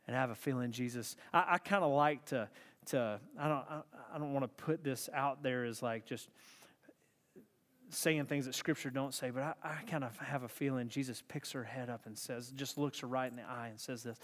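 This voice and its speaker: A man preaching a sermon, emphatic and repetitive, moving from hushed to intense. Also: mid-range voice, normal speed. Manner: emphatic, repeating phrases, swinging from hushed to intense.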